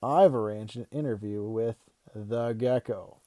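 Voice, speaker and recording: A man reading aloud and voicing an excitable, playful father who loves to tease and can barely contain his news. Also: lowish voice, measured pace, dry recording, close to an everyday voice. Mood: excited. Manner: eager and loud, teasing. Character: excitable, bouncy adult father, playful joker.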